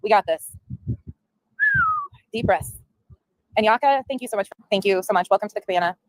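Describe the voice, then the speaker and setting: A woman's voice: mid-range voice, a little hiss or hum, low-quality recording. A woman streamer ranting bluntly on a livestream, swearing heavily. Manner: fast, blunt, heavy swearing. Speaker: streamer in the reviewed clip. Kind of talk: livestream rant.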